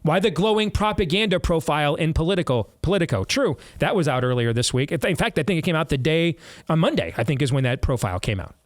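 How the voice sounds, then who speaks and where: A male talk show host with a fairly high voice delivers political commentary in a blunt, sarcastic way. He often restarts his sentences. The studio sound is dry and close. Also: animated, fast, dry recording.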